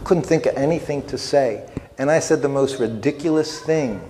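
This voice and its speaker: A man's voice: mid-range voice, normal speed, warm tone, slight background noise. Older man telling humorous stories. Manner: self-deprecating, humorous, anecdotal. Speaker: festival speaker. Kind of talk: storytelling lecture. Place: festival hall. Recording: long reverb in a hall.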